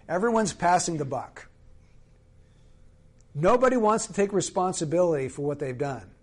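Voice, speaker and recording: A man with a notably high voice delivers a sermon. He preaches earnestly, leaning on key words and slowing to drive points home. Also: big pitch swings, husky. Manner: earnest, emphatic preaching with slow, stressed phrases.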